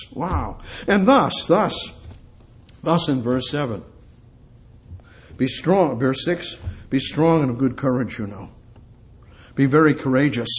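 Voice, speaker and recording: An older man preaching a sermon, emphatic and repetitive, quoting scripture and putting questions to his listeners. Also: medium pitch. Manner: emphatic, repeats phrases, quotes scripture, asks the congregation questions.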